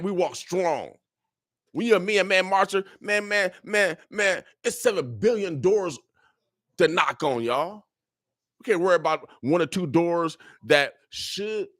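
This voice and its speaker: A man's voice: high-pitched, a bit bright, no room sound. Preachy older man, dry studio voice. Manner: preachy, repetitive, joking, street talk. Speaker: radio talk guest. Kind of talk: casual radio monologue. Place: radio studio. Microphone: studio microphone.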